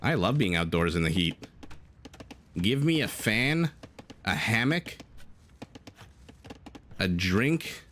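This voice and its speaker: A man's voice: lowish voice, lively intonation, slow pace, long pauses, a bit bright, a little hiss or hum. A man casting a strategy game live, chatting and laughing with his viewers between plays. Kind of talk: live esports commentary with chat.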